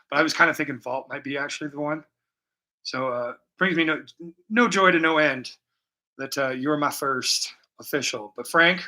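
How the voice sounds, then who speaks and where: A man talks through a painting session on a livestream, picked up by a laptop mic. His voice sits a little high and rings bright and forceful. He rambles, jokes and swears, and now and then drifts into a few bars of song. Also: rough recording. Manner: joking, profane, rambling, bursts into song. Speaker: live-streaming painter. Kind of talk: casual livestream chat while painting.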